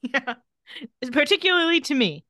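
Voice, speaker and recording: Lively young woman, dry and quick. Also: sits high, no room sound. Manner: animated recap, breaks into quick impressions of characters; laughs often, dry sarcastic asides. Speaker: podcast co-host recapping a TV episode. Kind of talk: casual chat.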